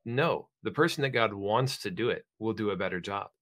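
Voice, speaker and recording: A young man co-hosting a podcast, speaking in a relaxed, affirming, conversational way. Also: on the low side, a little fast. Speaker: podcast co-host. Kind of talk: casual conversation.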